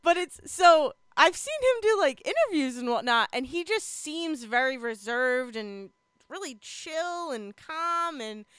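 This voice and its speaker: A young woman chatting casually on a podcast, talkative and quick to laugh, with many fillers. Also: high voice, big pitch swings, fairly bright tone, no echo. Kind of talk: casual chat about TV shows.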